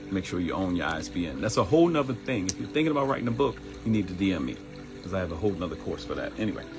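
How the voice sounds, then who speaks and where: Man from Baltimore, low voice, middle-aged, live-stream host, animated and chatty, music playing behind. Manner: animated, greets viewers by name, jokes and laughs. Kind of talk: live-stream casual chat.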